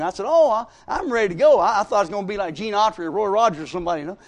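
High-voiced folksy preacher. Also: male voice, expressive, racing, few pauses. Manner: folksy storytelling, emphatic rises and sudden drops. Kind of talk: sermon with personal stories.

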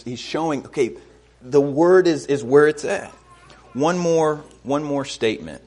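An earnest male preacher giving a sermon in an ordinary, mid-pitched voice. He often stumbles over and repeats words as he begins a phrase, then climbs higher in pitch when he drives a point home.

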